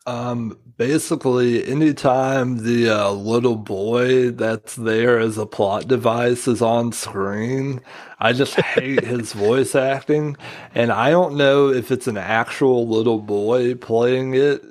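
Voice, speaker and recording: A man's voice: medium pitch, slow. A man talking as a podcast guest in casual chat, rambling and filling his sentences with "like". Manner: rambling, leans heavily on "like".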